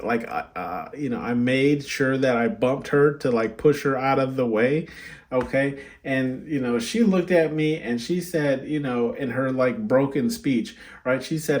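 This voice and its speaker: A man in his younger years talks through a card reading in an easygoing, rambling way. His voice sits at an ordinary middle pitch. He keeps tagging his sentences with "right?" and "okay?" as he goes. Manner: chatty, frequent "right?" and "okay?" check-ins. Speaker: tarot card reader. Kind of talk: casual spoken card reading.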